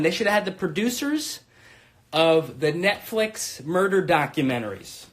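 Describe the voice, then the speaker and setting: A man in his thirties hosting a comedy live stream from his room, brash, crude and rambling, swinging between shouting and muttering. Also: sits high, sing-song, normal speed. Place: home room.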